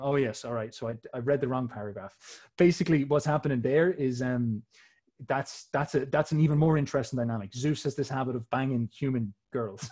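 A man's voice: mid-range voice, fairly quick, warm tone. Rambling, swearing guy explaining ideas. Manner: rambling, swears casually, frequent restarts. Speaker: podcast host. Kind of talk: casual explainer talk.

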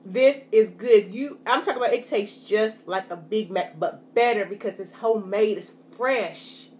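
A woman's voice: mid-range voice, normal speed. A woman talking casually to her viewers while eating on camera, chatty and folksy, often saying "y'all". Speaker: food vlogger. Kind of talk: casual mukbang chat to camera.

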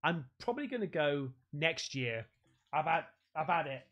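A man's voice: fairly high pitch, very animated, moderate pace, a bit bright, dull audio. A man from England chatting casually on a livestream while opening fan gifts, swearing freely and laughing often.

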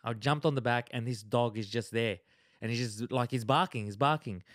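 A man, co-hosting a casual chat and telling an animated story, checking in with "right?" as he goes. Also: medium pitch, moderate pace, no echo, studio quality. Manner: animated anecdotes full of "right?". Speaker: podcast co-host.

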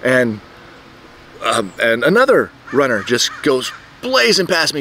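A middle-aged man casually telling a story about himself outdoors, rambling and halting with many restarts and fillers. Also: mid-range voice, very animated, bright, forceful tone, slight background noise. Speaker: vlogger telling a personal story. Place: outdoors, birds nearby.

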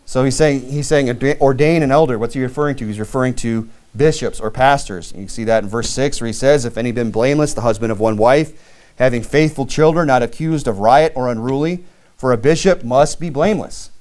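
A man's voice: mid-range voice, fairly quick, darkish tone. A man preaches in a church with a mid-range voice. He is a pastor giving a sermon, reading scripture aloud and then explaining it in plain, everyday talk. He often stops and restarts his sentences.

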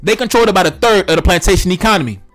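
High-voiced guy ranting hard, swears a lot, repeats himself, some music behind. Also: animated, rapid-fire, a bit bright. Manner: repetitive, profane, lecturing rant. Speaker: online commentator. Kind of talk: heated opinion commentary.

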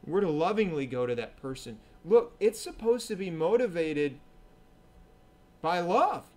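Higher-voiced man preaching a sermon. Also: lively intonation, unhurried. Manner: conversational preaching, acts out quoted voices, asks "right?". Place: church.

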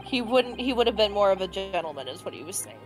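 A woman's voice: mid-range voice, expressive, fast, faint music behind. A woman streamer chatting casually and hesitantly while playing a game. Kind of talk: casual chat.

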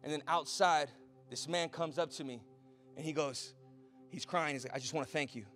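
High-voiced preaching man, soft music behind. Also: normal speed. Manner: builds from quiet storytelling to loud preaching. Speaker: pastor. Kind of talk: sermon.

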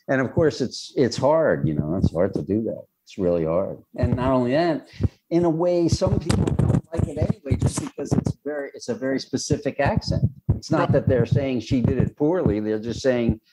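A man, a screenwriter and director, answering interview questions in a thoughtful, reflective way, often pausing with "you know". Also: medium pitch, expressive, heavy background noise.

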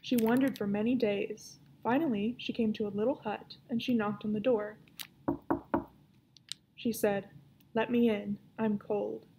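Woman, librarian, reading aloud, expressive, mellow, slightly high. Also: unhurried, pauses often, slight background noise. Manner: clear, expressive storytelling. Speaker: children's librarian. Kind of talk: reading a children's novel aloud.

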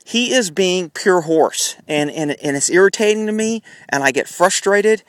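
A man's voice: sits high, expressive, moderate pace, no echo, poor audio. A man, a horse trainer, talking casually while riding outdoors in the wind, filmed on a handheld camera and now and then putting on his horse's voice. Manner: folksy, voices the horse's thoughts in asides. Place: outdoors, on horseback in a windy pasture. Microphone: handheld camera mic while riding. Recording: faint wind and outdoor noise.

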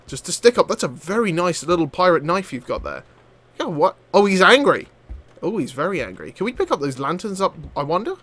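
A young man giving excitable, jokey commentary over a game, swearing and laughing as he plays. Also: high voice, no echo. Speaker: gameplay commentator. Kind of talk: excited let's-play commentary.

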